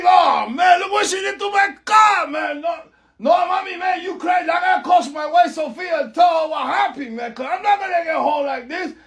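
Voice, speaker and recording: A man's voice: very high-pitched, fairly bright tone. A man playing a frantic middle-aged rideshare driver in a comedy skit, ranting into a phone and dropping Spanish words. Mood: outraged.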